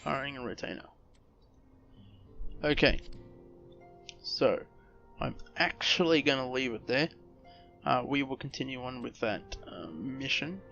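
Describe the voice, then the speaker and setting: A man's voice: mid-range voice, measured pace, gravelly, long pauses. Laid-back man playing a game. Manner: relaxed, offhand, swears casually. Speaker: gameplay video host. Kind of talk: casual let's play commentary. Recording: muffled recording with faint music.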